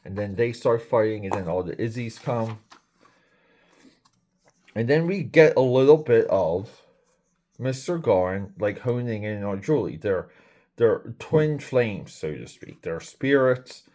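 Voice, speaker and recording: A man's voice: on the low side, expressive, slow, mellow. A man hosting a casual comic book review, rambling and critical, with many fillers and restarts.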